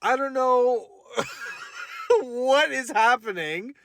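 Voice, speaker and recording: A man's voice: extremely high pitch, lively intonation, very slow, a bit bright, dry recording. A young adult man, a content creator, animatedly retelling a story with self-mocking asides. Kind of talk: storytelling to camera.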